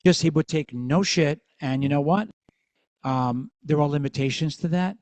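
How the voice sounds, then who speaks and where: A man's voice: on the high side, normal speed, darkish tone, no room sound. A middle-aged man hosting a podcast, talking in a frank, reassuring and reflective way. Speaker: podcast host. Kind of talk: conversational interview.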